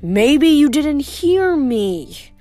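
A woman playing a smug young villain, drawn-out calm. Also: fairly high pitch, no room sound, faint music behind. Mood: silky menace.

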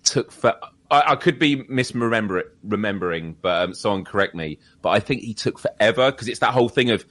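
A man's voice: medium pitch, brisk. A British man co-hosting a podcast, chatting casually, laughing often and acting out quotes as he tells stories. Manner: laughs often, animated storytelling with mimicked quotes. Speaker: podcast co-host. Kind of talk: casual chat.

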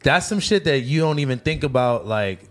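Mid-pitched dude, rambly, tons of "like" and slang, casual podcast. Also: male voice, lively intonation, moderate pace. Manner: rambling, filler-heavy slang. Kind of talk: casual chat.

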